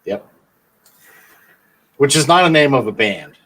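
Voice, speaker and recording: Male podcast co-host, mid pitch, deadpan and hesitant, brief dry comebacks. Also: unhurried. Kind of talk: casual comedic podcast chat.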